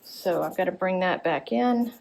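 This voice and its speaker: A woman's voice: fairly low pitch, normal speed, creaky, darkish tone. Woman thinking aloud during a drawing demo. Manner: thinks aloud while drawing, self-correcting. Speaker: art instructor. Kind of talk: live drawing demonstration. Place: gallery workshop.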